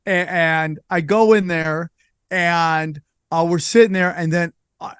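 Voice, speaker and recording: A man's voice: a little high, normal speed, dry recording, studio quality. A man hosting a podcast, telling a story in casual chat and acting out the people he quotes. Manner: animated, acts out quotes with voices. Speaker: podcast host.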